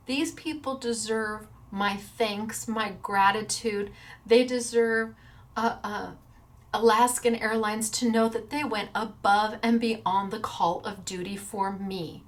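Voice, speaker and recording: A woman's voice: fairly high pitch, steady tone. A woman hosting a crafting show, chatting casually to viewers in an earnest, emotional way. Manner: earnest and emotional, quick to tear up.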